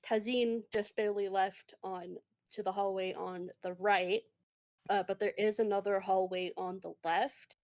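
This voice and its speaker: A woman's voice: medium pitch, creaky. A woman narrating a tabletop game as game master, meandering and full of fillers.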